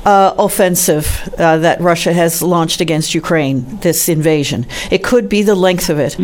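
A radio talk show host answering a caller in a measured, careful way, pausing often on fillers. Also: mid-range voice.

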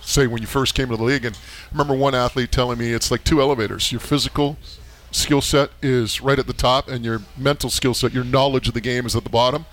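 A man's voice: mid-range voice, fairly even intonation, fast, a bit bright. A man hosting sports radio in an upbeat presenter manner. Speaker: radio host.

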